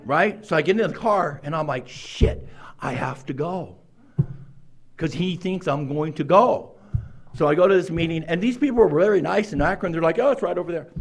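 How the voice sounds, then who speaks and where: A man in his sixties telling his own recovery story to a meeting, acting out quoted lines with sudden jumps in pitch and loudness. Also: normal speed. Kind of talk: personal recovery story told to a group.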